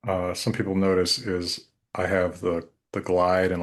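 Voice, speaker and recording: A man with a Colorado accent, speaking as a guest in an interview with a slow drawl and a thoughtful, hedging manner. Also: deep voice, completely flat delivery. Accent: Colorado, American West. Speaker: guest linguist. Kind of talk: conversational interview.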